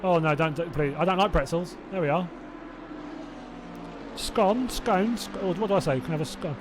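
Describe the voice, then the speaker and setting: This is a man from Hertfordshire, England, speaking very fast in a high-leaning voice against background noise. He commentates a sim race live with a southern English accent, chatting and rambling to viewers between calls while doubting himself and laughing under his breath.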